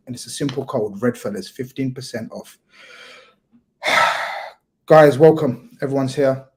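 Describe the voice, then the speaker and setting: A man's voice: medium pitch, warm tone. A man hosting a casual live stream, chatty and teasing, reading out a sponsor plug and welcoming his panel. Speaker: host.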